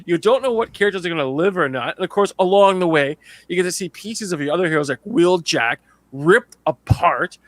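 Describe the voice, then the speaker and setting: A man co-hosting a casual podcast chat, telling animated stories, laughing often and acting out other people's lines. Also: high-pitched, a little fast, no room sound. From Canada. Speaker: podcast co-host.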